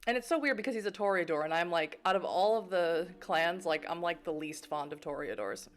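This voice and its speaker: Low-voiced chatty woman streamer. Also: brisk. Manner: chatty, playful, laughs often, many fillers. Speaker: game streamer. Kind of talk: casual streaming chat and reading game text aloud.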